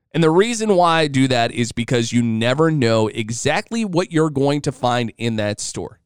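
A man in his thirties hosting a podcast alone, telling a story in an animated, chatty, jokey way. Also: a little high, smooth, no echo, studio quality. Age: 30s. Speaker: podcast host. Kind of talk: casual solo storytelling.

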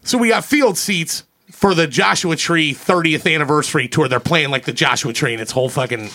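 A man's voice: on the high side, fairly quick, bright, forceful tone. A man co-hosting a casual podcast chat, swearing freely and acting out movie scenes as he retells them. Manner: profane storyteller, acts out movie scenes. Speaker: podcast co-host.

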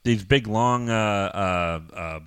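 A man's voice: lowish voice, slow pace, clean tone, no echo. A man hosting a podcast in casual chat, rambling and laughing between stories. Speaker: podcast host.

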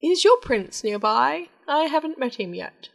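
A woman voicing a clever, self-assured young princess in a storybook reading, calm and knowing. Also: sits high, measured pace, vocal fry, pitched above the performer's own voice, heavily acted. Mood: coy. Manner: calm, with a secret smile.

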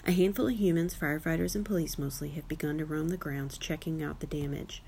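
A woman narrating a children's audiobook in a lively, wry first-person style, giving each character a voice. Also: sits low, fast talker, gravelly, a little hiss or hum. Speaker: audiobook reader.

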